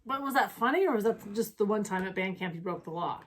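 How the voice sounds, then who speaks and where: A woman's voice: medium pitch, animated. Teasing woman co-host. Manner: teasing, quick interjections. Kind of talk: casual chat.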